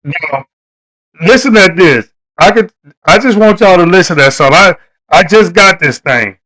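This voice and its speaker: Animated man hosting a live stream. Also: sits high, moderate pace, poor audio. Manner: loose, repetitive, preachy delivery addressing viewers. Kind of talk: casual live stream talk.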